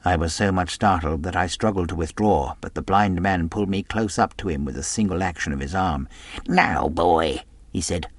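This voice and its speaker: A man narrating a classic adventure novel as an audiobook in a measured storytelling delivery. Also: deep voice, no echo.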